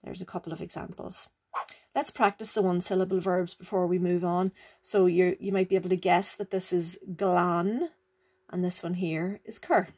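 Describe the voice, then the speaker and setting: This Irish language teacher is a woman with a lowish, darkish, slightly rough voice, fairly even intonation, and normal speed. She patiently works through grammar rules, repeating them and checking understanding with "right?" and "okay?".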